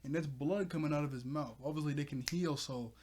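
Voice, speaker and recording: A man's voice: fairly high pitch, brisk, a little mellow, a little hiss or hum. A man giving a casual, rambling recap of a manga chapter, chuckling as he goes. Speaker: manga reviewer.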